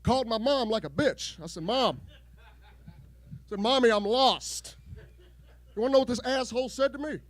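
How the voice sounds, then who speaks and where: A man with an unusually high voice doing a crude, rambling stand-up set in a garage show. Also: lively intonation, moderate pace, pauses often. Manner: crude, rambling jokes with repeated false starts. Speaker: stand-up comedian. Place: home garage show before a live crowd.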